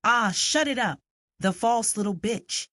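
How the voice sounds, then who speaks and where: A woman's voice: sits low, animated, moderate pace, darkish tone, no echo. A sullen gamekeeper from the countryside, speaking in a broad rural English vernacular as a woman narrator acts him out. He is curt and sneering, and his clipped lines sit in a dry, close audiobook recording. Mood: angry.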